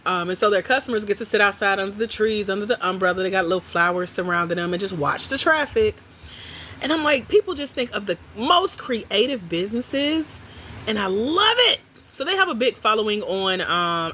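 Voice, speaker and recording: A woman hosts a casual livestream from home and talks straight to her viewers. Her voice is bright and her delivery is animated and chatty, with frequent laughs. A faint room hum sits under her voice. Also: medium pitch. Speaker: livestream host.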